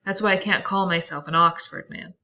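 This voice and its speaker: A poised, calm gentleman read by a woman in her own voice, measured and steady. The tone is bright, and the recording a bit dull and lo-fi. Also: lowish voice. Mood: composed. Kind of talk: reading a novel aloud with voices.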